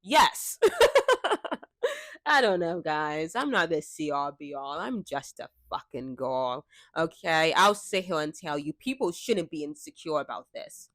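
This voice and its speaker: A woman's voice: deep voice, animated, a little slow, fairly bright tone, no room sound, clean studio sound. Frank, chatty young woman vlogger. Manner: frank, chatty, laughs often. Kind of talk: casual talk to camera. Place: indoors, seated before a fixed camera. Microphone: camera mic.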